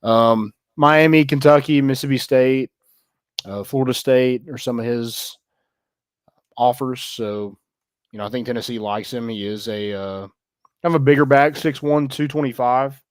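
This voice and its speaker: A man co-hosting a podcast, giving sports news in a relaxed, casual way with many fillers. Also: medium pitch, normal speed, clean tone, no echo, studio quality. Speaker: podcast co-host.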